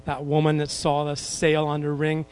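A man's voice: fairly high pitch, monotone, a little mellow, clear, resonant tone. A man preaching a sermon, drawing the congregation into repeating verses and adding light humorous asides. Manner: quotes King James scripture with slow emphasis.

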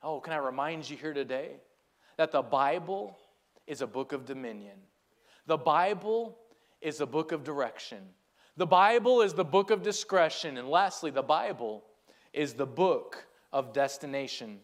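A man with a high-pitched voice preaches a sermon with earnest conviction. He swings between loud, emphatic rises and soft, low drops, often stumbling over repeated words when he gets excited. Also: moderate pace.

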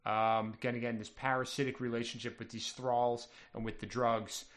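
A man narrating as a tabletop game master at a mid pitch. He explains at an easy pace, with frequent "um"s. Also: normal speed. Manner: relaxed, filler-heavy explaining.

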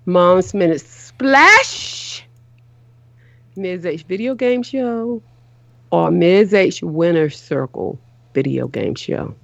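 A woman's voice: on the low side, creaky, dark tone, no room sound. A middle-aged woman hosting a show talks in a casual, earnest way and often stops to restart her sentences. The audio is slightly dull and lo-fi, with a dry, close sound. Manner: earnest, repeats herself, halting restarts. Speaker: show host. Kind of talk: casual chat on a call-in show.

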